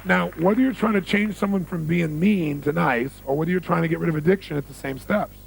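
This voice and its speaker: A man's voice: a little high, a little fast, creaky, a little hiss or hum, poor audio. A man giving a motivational seminar talk on stage, telling stories, repeating key phrases for emphasis and quizzing the audience. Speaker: motivational speaker.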